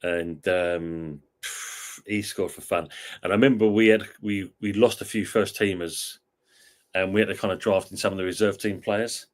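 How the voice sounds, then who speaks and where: Middle aged bloke, lowish voice, swears a lot, chatty football stories on a stream. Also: male voice, fairly even intonation, normal speed. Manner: swears freely, tells football stories animatedly. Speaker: podcast co-host. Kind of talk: casual chat.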